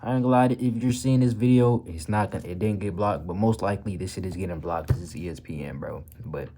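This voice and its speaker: Male reaction host, deep relaxed tone, slangy offhand remarks, light noise underneath. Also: quick pace, slightly rough. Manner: slangy, blunt asides. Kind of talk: casual reaction commentary.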